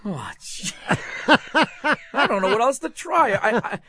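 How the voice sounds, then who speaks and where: A man's voice: very high voice, very animated, takes it slowly, pushed and bright, slightly rough, no room sound. A man co-hosting a radio call-in show, teasing his partner and callers and laughing often. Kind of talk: joking radio banter.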